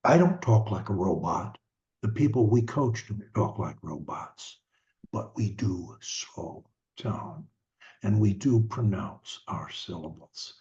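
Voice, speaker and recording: An older man speaks to parents as a speech coach, unhurried and deliberate, often pausing and restarting his sentences. His voice is mellow and sits at a middle pitch. The recording sounds dull and lo-fi. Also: expressive. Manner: slow, deliberate, halting with restarts. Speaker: stuttering coach. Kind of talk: advice talk to parents.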